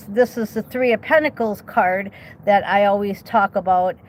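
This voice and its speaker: Doing a relaxed tarot reading outside, a woman keeps up friendly, reassuring chatter and checks in constantly with the listener, using many okays and rhetorical questions. Her mid-range voice comes through a low-quality recording with a bit of hiss or hum.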